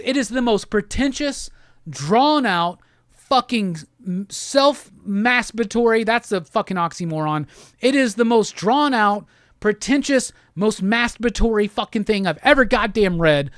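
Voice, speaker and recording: A man's voice: sits high, no echo, studio quality. A man hosting a comic book show, giving a heated, profane review in a rant-style talk. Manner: heated, profane, repetitive ranting.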